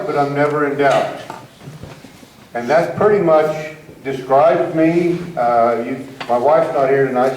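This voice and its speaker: Folksy middle-aged rancher talking in a roomy hall. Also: male voice, a little high, a little mellow. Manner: folksy, self-deprecating, opinionated. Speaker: rancher giving a talk. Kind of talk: public presentation to an audience. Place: meeting hall with an audience. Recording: roomy, distant hall recording with faint noise.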